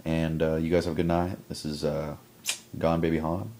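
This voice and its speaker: A man's voice: rumbling low, level tone, normal speed, dark tone, slight background noise. A young adult man casually vlogging a film review at home at night, rambling with constant fillers. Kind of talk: casual chat. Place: home at night before bed.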